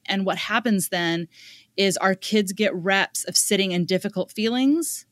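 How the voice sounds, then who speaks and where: Lively woman telling a parenting story. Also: medium pitch, unhurried, no room sound, studio quality. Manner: animated, quotes others in lively asides. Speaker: guest parenting expert. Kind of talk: conversational storytelling.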